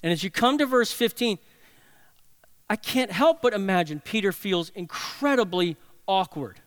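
A man preaches a sermon in a fairly high, smooth voice. He tells the story dramatically, swinging between loud passages and hushed ones. The sound is dry. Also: lively intonation, normal speed, dry recording. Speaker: pastor.

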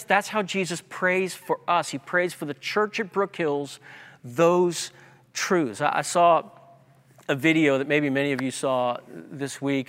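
A man's voice: mid-range voice, fairly bright tone. A man preaching a sermon as pastor, emphatic and repeating key words for effect. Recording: long hall reverb.

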